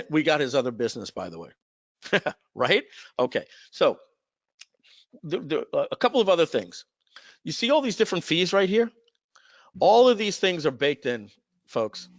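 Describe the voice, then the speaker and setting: A man's voice: on the high side, creaky, dry recording, highs cut off. A man hosting a live webinar, talking in a chatty sales manner and telling stories with asides. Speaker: webinar host.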